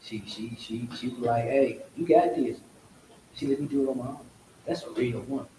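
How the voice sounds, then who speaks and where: A man's voice: mid-range voice, steady tone, quick pace, dark tone. Guy, heartfelt thank yous, echoey room, a little noise. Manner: heartfelt, grateful. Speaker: guest speaker, company head. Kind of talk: live event speech. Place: hotel event hall. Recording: echoey hall, faint noise.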